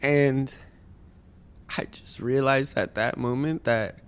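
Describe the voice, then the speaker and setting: A man's voice: medium pitch, drawn-out words, gravelly, long pauses, smooth. A man in his thirties, a podcast guest, telling a heartfelt personal story in an earnest way with many ums and uhs.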